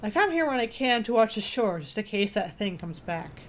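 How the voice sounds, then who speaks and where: A woman's voice: mid-range voice, very animated, moderate pace, slight background noise, lightly acted. A woman reading a grim old fisherman. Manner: reads game dialogue aloud with some stumbles.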